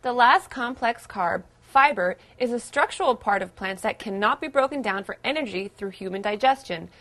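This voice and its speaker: A woman's voice: fairly high pitch, animated, normal speed, a bit bright, a little hiss or hum. A woman presenting a scripted educational lesson in a perky, enthusiastic way.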